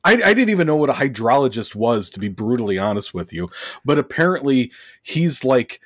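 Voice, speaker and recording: A man's voice: medium pitch, very animated, a little fast, no echo, clean studio sound. A man co-hosting a movie podcast, reading from his notes in a sarcastic, mocking way. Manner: reads from notes, many fillers. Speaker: podcast co-host. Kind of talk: casual movie review chat.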